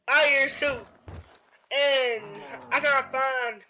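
A man giving rambling, excitable let's-play commentary, yelping and shouting at the game. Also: very high voice, slow pace, pauses often, highs cut off, a little hiss or hum. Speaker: gameplay commentator.

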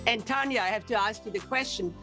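An older woman with a higher voice gives a confident, salesy skincare pitch as a TV guest. Faint music plays underneath. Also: fast, sharp tone. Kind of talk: product pitch on a TV lifestyle segment.

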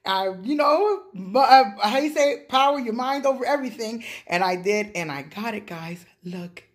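A woman talking in a casual, rambling way for her vlog, repeating herself for emphasis, with lots of fillers and gushing excitement. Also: on the high side, moderate pace, roomy sound. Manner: gushing with excitement when showing her purchase. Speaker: vlogger.

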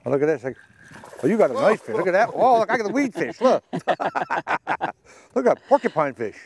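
A man with a Newfoundland accent, a comedian telling deadpan jokes and bantering while fishing from a boat outdoors. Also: sits high, brisk, a little hiss or hum. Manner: deadpan storytelling, playful banter. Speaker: comedian guest.

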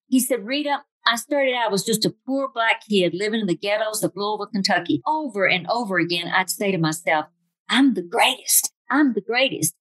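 A woman's voice: medium pitch, a bit bright, dry recording, rough recording. An older woman with a Southern accent from Tennessee, giving a folksy, humorous motivational talk full of stories and acted-out quotes. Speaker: motivational speaker.

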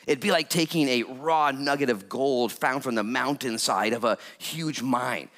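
A male pastor delivering a sermon with lots of energy. He jokes with the congregation and jumps from calm explanation to sudden loud, excited bursts. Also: medium pitch, normal speed, hardly any pauses. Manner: animated, jokey preaching with sudden loud bursts.

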